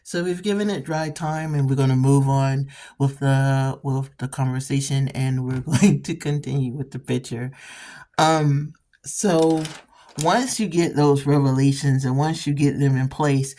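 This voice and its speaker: A woman's voice: extremely low pitch, steady tone, measured pace, mellow. A woman hosting an art channel, chatting casually while painting and rambling through stories with frequent restarts.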